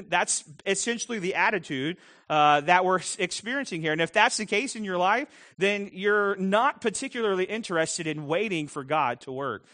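Pastor guy preaching, chatty, pokes fun at himself, voice sits a little high. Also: expressive, normal speed, pushed and bright. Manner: conversational, self-deprecating humor. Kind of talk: sermon.

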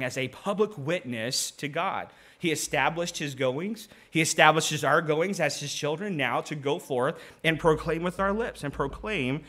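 A man's voice: a little high, pushed and bright. A middle-aged man preaching a conversational sermon, reading scripture aloud and often restarting his sentences.

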